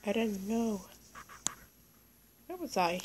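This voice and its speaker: A woman giving excitable let's play commentary, talking to the animals in her game as she plays. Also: medium pitch, slow, slight background noise, low-quality recording. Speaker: gaming YouTuber.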